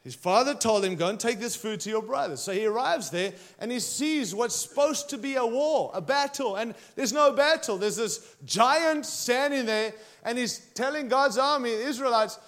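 A man preaching a sermon to a congregation, retelling a story in an energetic, conversational way. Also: very high-pitched, moderate pace, few pauses.

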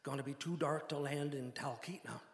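A man's voice: mid-range voice, fairly even intonation, brisk, natural voice. A man doing a dry Midwestern bush pilot. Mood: matter-of-fact. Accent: exaggerated Midwestern. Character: calm, serious older male bush pilot. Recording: echoey hall reverb.

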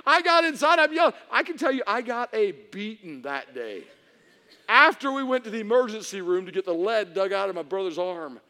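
Man, pastor, high voice, bright tone, animated sermon storytelling, long hall reverb. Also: a little fast. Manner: animated, swings between hushed and shouting. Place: church hall before an audience.

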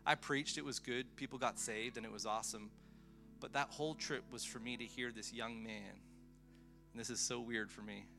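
A man preaching a storytelling sermon to a live congregation, animated and excitable, with chatty asides. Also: medium pitch, normal speed, creaky, music in the background. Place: live event before a congregation.

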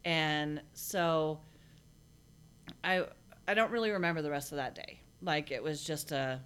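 A woman as an interview guest, telling a personal story in a blunt, matter-of-fact way with halting restarts. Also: sits low, fairly bright tone, smooth. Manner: halting, with many restarts and fillers.

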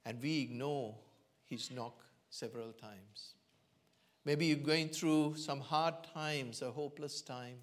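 A man with a slightly high voice preaches a sermon in church, telling a Bible story slowly and earnestly with frequent pauses and fillers.

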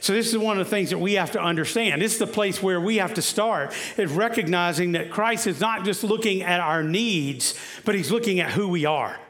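A man's voice: sits high, a little fast, few pauses, a bit bright. A man preaching a conversational sermon, often asking the congregation questions, with frequent "uh"s and restarts.

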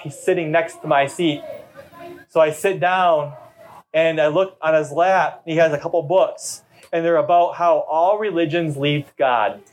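A middle-aged man preaching to a congregation, telling stories in a loose, conversational way. His voice sits a little above the usual pitch for a man. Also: a little hiss or hum. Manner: conversational storytelling preacher, talkative. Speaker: pastor. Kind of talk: sermon. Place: church service.

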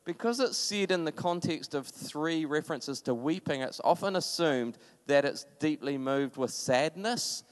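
A man's voice: a little high, expressive, unhurried, few pauses, big-room sound. A man preaching a sermon in a conversational, impassioned way, with sudden emphatic bursts.

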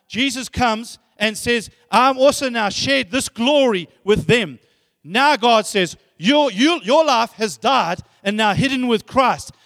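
A man preaches emphatically, repeating phrases and asking rhetorical questions. His voice sits very high and close to the mic, while a long hall reverb rings out around each phrase. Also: fairly bright tone. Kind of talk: sermon.

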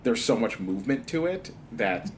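A man co-hosting a casual podcast talk about a film, lively and quick to laugh, acting out quotes with big jumps in pitch. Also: slight background noise. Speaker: podcast co-host. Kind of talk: casual movie discussion.

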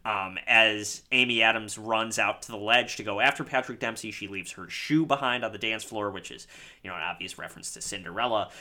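A man co-hosting a podcast, casually recapping a movie with jokes, swearing and quick acted-out quotes. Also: on the low side, pushed and bright. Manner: jokey, swears, acts out quotes. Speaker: podcast co-host.

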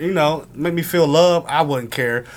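A man's voice: a little high, moderate pace. A man telling a funny story in a casual group chat. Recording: loud crowd chatter behind.

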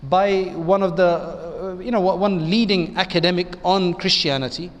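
At a moderate pace, a man serving as imam delivers an Islamic lecture in a high-pitched voice. He speaks conversationally, keeps turning to the audience with rhetorical questions, and his voice carries a long reverb from the big hall.

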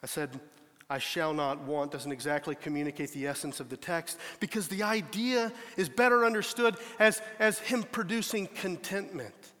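High-voiced preacher in a reverberant hall. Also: male voice, moderate pace, hardly any pauses, a bit bright. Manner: earnest, emphatic preaching with restarts. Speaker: pastor. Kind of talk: sermon.

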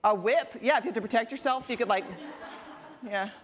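A woman giving a sermon, talking in a conversational way, asking the listeners questions, and dropping to a soft, quiet voice for emphasis. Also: a little high, fairly quick. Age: adult parent. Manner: conversational, asks the congregation questions. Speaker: pastor.

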